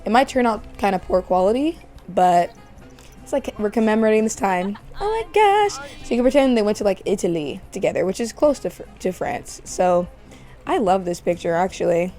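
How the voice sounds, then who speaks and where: A woman's voice: mid-range voice, lively intonation, fairly quick, warm tone, soft background music. A woman chatting playfully through a life-sim game let's play, giggling often. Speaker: gaming channel host.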